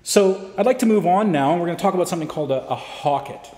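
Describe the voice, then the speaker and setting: A man teaching fingerpicking technique in a guitar lesson, explaining step by step in a relaxed way with frequent fillers. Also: high-pitched, quick pace. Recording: roomy echo with guitar playing.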